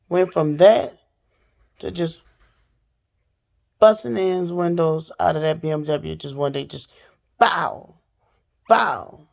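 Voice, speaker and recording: Woman, gravelly, casual vlog rant, talks to viewers. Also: sits low, slow pace, pauses often. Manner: animated, talks straight to viewers. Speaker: vlogger. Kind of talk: casual storytime rant to camera.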